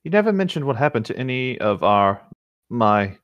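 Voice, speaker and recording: A man voicing a tearful, anxious young witch in a casual read-aloud of fan fiction, his reading squeaky and trembling. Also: sing-song, normal speed, dry recording, highs cut off, lightly acted. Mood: hesitant.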